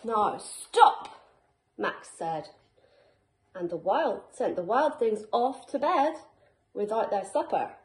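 A woman teacher reading a picture book aloud to children in a slow, expressive storytelling manner, in a school classroom. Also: medium pitch. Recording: echoey room.

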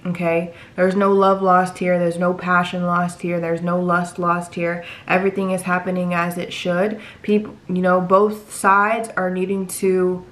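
Flat-toned woman giving a tarot reading. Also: lowish voice, unhurried, hardly any pauses. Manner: reassuring, repeats phrases for emphasis. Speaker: tarot reader.

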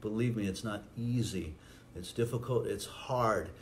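A man's voice: fairly low pitch, unhurried, a little hiss or hum. A man preaching a sermon as pastor, acting out quoted lines with a lifted voice. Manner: preaching, acts out quotes with rising voice.

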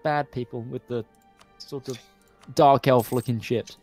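A man's voice: mid-range voice, steady tone, unhurried, a little mellow, soft background music. A man with a British accent chatting during a multiplayer game, with a dry, sarcastic-sounding delivery. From Britain. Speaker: game player. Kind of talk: casual multiplayer gaming chat.

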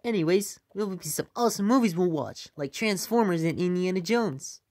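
A woman's voice: on the low side, expressive, fairly quick, a little mellow. A woman performing a puppet comedy skit in a chatty, joking way.

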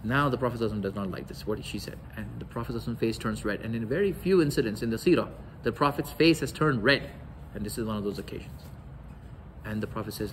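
A man's voice: mid-range voice, animated, racing, fairly bright tone, a little hiss or hum, low-quality recording. A man giving a religious lecture, telling stories and acting out the quoted dialogue. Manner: storytelling, acts out quoted dialogue.

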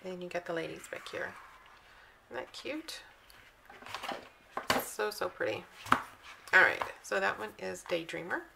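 A woman's voice: lowish voice, fairly even intonation, normal speed, vocal fry, very noisy. A woman vlogging a casual walkthrough of planner sticker books, reading the slogans aloud in a chatty, admiring way.

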